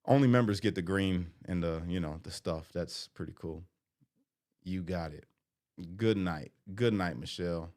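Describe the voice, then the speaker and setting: A man with a lowish voice talks casually on a live stream, reading out viewer comments and answering them one by one. He is chatty and informal, and his voice jumps higher and louder when something excites him. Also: unhurried.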